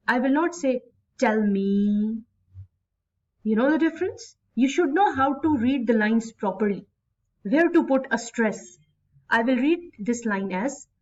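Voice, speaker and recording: A woman with a high voice gives a recorded English literature lecture, speaking directly to her students, repeating key points and stressing syllables aloud. The audio is dull.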